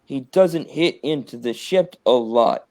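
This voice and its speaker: A man co-hosting a sports podcast, talking in a rambling, animated way and acting out quotes. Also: medium pitch, measured pace. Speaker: podcast co-host. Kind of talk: casual sports chat.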